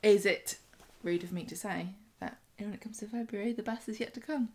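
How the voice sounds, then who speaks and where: A woman's voice: medium pitch, brisk, a little mellow. A woman co-hosting a podcast in casual chat, with a dry, teasing manner. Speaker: podcast co-host.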